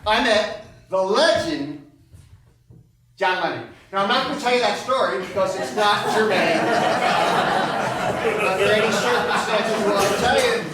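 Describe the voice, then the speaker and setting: A man with a high voice performs a chatty, self-mocking comic monologue on a small theater stage. He wanders off on dry asides as he tells the story. He is picked up from far across a very echoey room, with clear noise underneath. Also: unhurried, pauses often. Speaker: solo performer. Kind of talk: live stand-up storytelling monologue.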